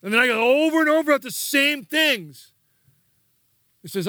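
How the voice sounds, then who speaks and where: A man's voice: very high-pitched, expressive, normal speed, pushed and bright, dry recording, studio quality. A man preaching a sermon as pastor, emphatic and repetitive, prompting the congregation to repeat key words.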